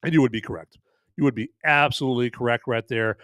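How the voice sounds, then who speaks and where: A man's voice: medium pitch, fast talker, a bit bright, dry recording. Rambling, jokey podcast host man. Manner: rambling and jokey, tacks on "right there". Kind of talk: casual live podcast chat.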